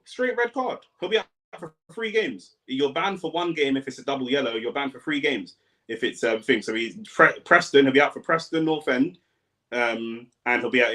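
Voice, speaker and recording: A young male fan streams live football commentary, casual and full of slang, with sudden loud outbursts. His voice is mid-range.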